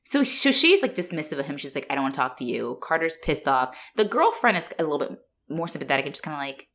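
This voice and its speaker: Young woman co-host, low-ish voice with big swooping pitch, swears freely, laughs a lot. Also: fast. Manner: animated, profane, laughs often. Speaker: podcast co-host. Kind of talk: casual chat reviewing a horror movie.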